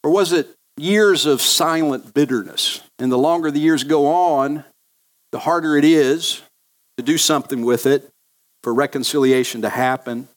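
A man delivers a sermon in an earnest, teaching manner. His voice sits a little higher than most men's. He circles back to key phrases to press them home. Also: normal speed. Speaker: pastor.

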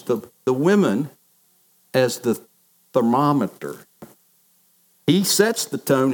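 Man preaching with lively storytelling. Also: a little high. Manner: storytelling, acts out quoted voices of family members. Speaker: pastor. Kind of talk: sermon.

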